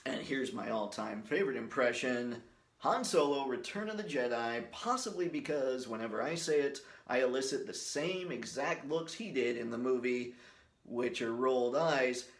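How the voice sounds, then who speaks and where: A man's voice: medium pitch, expressive, moderate pace, roomy sound. A man hosting his company's video series, talking straight to camera in a goofy, shameless way. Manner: goofy, shameless, breaks into silly voices. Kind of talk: jokey direct-to-camera talk with impressions.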